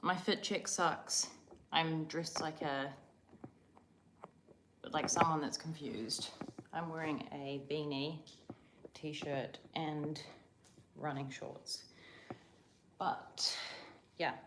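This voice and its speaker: A woman's voice: sits low, fairly even intonation, drawn-out words, pauses often, background noise. A young woman from Croatia hosting a casual livestream, chatting in a rambling, oversharing way. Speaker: livestream host. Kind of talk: casual live chat.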